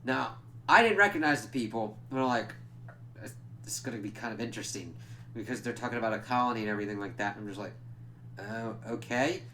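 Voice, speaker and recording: A man's voice: medium pitch, fast talker, sharp tone, a little hiss or hum. A man giving a casual, spoiler-filled comic book review, rambling along with lots of "like" and "kinda" fillers and casual swearing.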